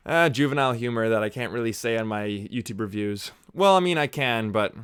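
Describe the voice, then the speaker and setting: A man's voice: mid-range voice, brisk, a bit bright, smooth, dry recording. Young male reviewer, dry close sound, sarcastic casual banter. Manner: chatty, sarcastic, juvenile jokes. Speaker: movie review host. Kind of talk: casual watch-along chat.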